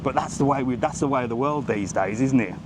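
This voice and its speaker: A man's voice: mid-range voice, fast talker, noisy background. A man hosting a live walking travel vlog on a seaside street, chatty and joking with people he passes, filmed on a handheld phone camera. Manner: chatty, jokey, greets passersby. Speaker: travel vlogger.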